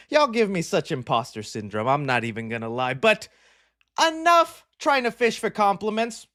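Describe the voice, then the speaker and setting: A man's voice: sits high, wildly swooping pitch, normal speed, sharp tone. Man around thirty, live stream host, playful, rambling, slangy, a bit out of breath. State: slightly out of breath. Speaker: livestream host. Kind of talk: casual live stream chat.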